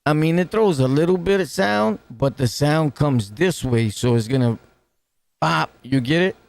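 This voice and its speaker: Gravelly New York man, streetwise talk. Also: fairly high pitch, moderate pace. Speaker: reaction streamer. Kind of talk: casual commentary. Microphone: close to the mic.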